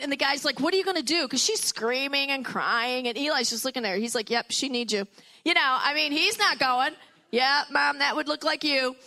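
A woman's voice: high voice, sharp tone. A middle-aged woman speaking to a group of mothers, telling family stories with chatty asides and restarts. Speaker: speaker at a women's gathering.

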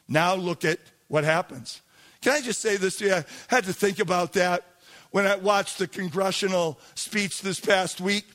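A male pastor preaching an animated sermon, asking the congregation to repeat words back. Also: sits high. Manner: animated, calls for congregation responses.

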